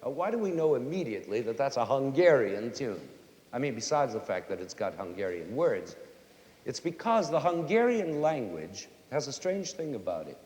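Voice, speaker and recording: A middle-aged man giving a lively lecture on music to a young audience, now and then singing short folk tunes to make his point. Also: medium pitch, normal speed. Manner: animated, sings and hums short folk tunes to demonstrate. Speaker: conductor and music educator. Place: large concert hall with audience. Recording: roomy concert hall reverb, faint hiss.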